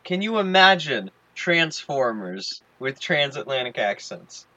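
Bright-voiced, animated man chatting. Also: mid-range voice, a little slow, dry recording, dull audio. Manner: animated, swearing, theatrical outbursts. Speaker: podcast co-host. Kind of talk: casual chat.

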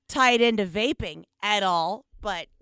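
A woman's voice: mid-range voice, measured pace, a bit bright, smooth, no echo, studio quality. A woman in her forties hosting a podcast, chatting candidly, laughing often and swearing freely. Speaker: podcast host. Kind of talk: casual chat.

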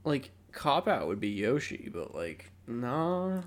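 A man's voice: medium pitch, very animated, slow pace. Rambling young-sounding male podcast co-host. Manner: rambling, joking, filler-heavy. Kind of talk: casual chat.

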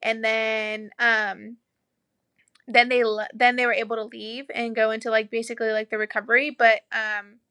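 A woman's voice: fairly high pitch, flat delivery, moderate pace, bright, forceful tone, dry recording, studio quality. A young woman casually telling her birth story, chatty and full of "like", acting out what people said. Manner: chatty, heavy use of "like", acts out quoted lines. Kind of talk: casual chat.

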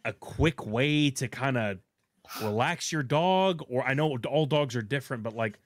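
A man's voice: mid-range voice, animated, measured pace, no room sound. A man hosting a podcast, asking long, loose questions full of fillers and restarts. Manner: asks long questions with fillers and self-corrections. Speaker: podcast host. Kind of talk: casual podcast chat.

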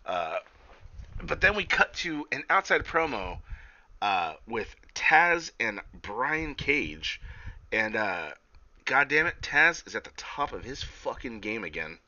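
A young man hosting a casual recap show, tired and yawning, swearing often and excitedly acting out what others said. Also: medium pitch, slow. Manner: profane, excitable, acts out quotes. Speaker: podcast host. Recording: dull lo-fi sound.

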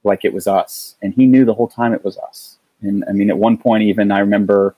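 A middle-aged man telling a personal story in casual conversation, earnest and halting, often restarting his sentences. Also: lowish voice, fairly even intonation, warm tone, dry recording, poor audio. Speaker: guest.

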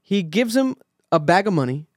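A male podcast host in casual chat, telling a story with lively acted-out quotes and plenty of swearing. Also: high voice, normal speed, no echo, clean studio sound. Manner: animated storytelling, acts out quotes, swears freely.

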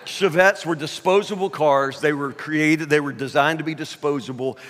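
A man's voice: fairly high pitch, normal speed, fairly bright tone, a little hiss or hum. An older man preaching a sermon, telling a humorous personal story in a chatty, self-deprecating way. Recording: echoey hall.

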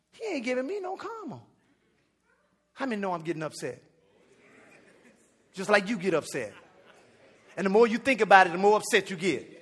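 A man preaching with a high, bright voice. He tells a comic story from the pulpit, building to animated shouts. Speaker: pastor. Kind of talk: storytelling sermon.

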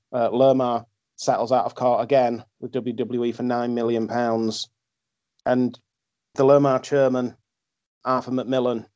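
A man in casual chat, recounting facts in a measured, hesitant way with repeated restarts. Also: mid-range voice, darkish tone, no echo.

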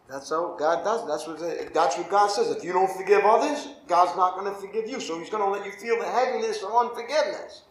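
Pastor with a higher voice, echoey room. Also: male voice, fairly bright tone, slight background noise. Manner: informal, keeps asking the listeners "right?". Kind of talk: conversational Bible study teaching.

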